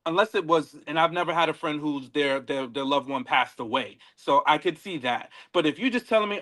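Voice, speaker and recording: A bright, fairly high-pitched man talks through a reality show in an animated, laugh-filled way. He repeats words as he builds his point and keeps a casual, conversational flow. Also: fairly quick, few pauses. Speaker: podcast co-host.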